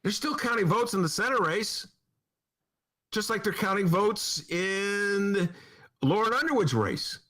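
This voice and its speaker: A man's voice: high voice, lively intonation, measured pace, sharp tone. A man hosting a political talk podcast in a studio, sarcastic and mocking in his banter. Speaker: podcast host. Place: radio studio.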